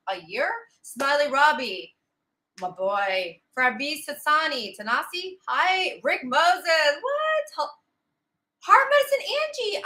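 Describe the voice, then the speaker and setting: High bright woman doing a weather livestream, chatty, greets people, laughs a lot. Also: low-quality recording. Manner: chatty, laughs often, greets viewers by name. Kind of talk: casual live-stream chat.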